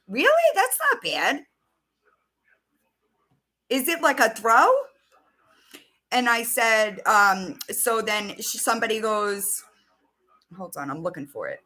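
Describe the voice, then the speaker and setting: Woman host, bright forceful voice, casual swearing livestream chat, talks while scrolling her phone. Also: medium pitch, animated, a little slow, pauses often. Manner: chatty, swears, reads out messages while searching her phone.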